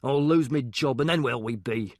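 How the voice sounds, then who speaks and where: A man voicing a gruff working-class gravedigger father with a curt, scolding manner in an audiobook. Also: mid-range voice, a little fast, darkish tone, no echo, studio quality, close to an everyday voice. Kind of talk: audiobook character voice.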